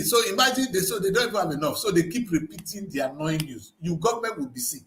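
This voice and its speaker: A man hosting a newspaper review show, arguing in an animated, emphatic way full of rhetorical questions. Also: sits high, fast, hardly any pauses. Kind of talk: heated studio discussion. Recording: roomy studio echo.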